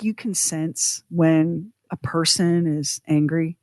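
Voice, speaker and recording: Animated woman telling a story. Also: lowish voice, a little slow, no echo, studio quality. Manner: animated, self-deprecating storytelling with acted quotes. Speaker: podcast co-host. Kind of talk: storytelling podcast chat.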